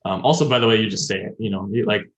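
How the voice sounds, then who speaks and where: This male podcast host, who teaches Japanese, rattles through long grammar explanations in casual chat, thinking out loud very fast. His pitch is fairly low, and the recording sounds dull and lo-fi.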